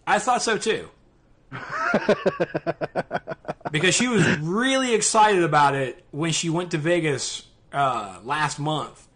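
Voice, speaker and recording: A man's voice: a little high, animated, a little slow, few pauses, a bit bright. A man with a Southern US accent hosting a casual gaming podcast, chatty and sometimes mumbling. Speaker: podcast host. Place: live-streamed podcast.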